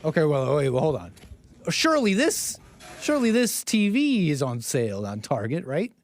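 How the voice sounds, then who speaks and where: A man's voice: fairly high pitch, sing-song, fairly quick, a little mellow. A man hosting a live stream, talking in a sarcastic, mocking, rambling monologue. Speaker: stream host.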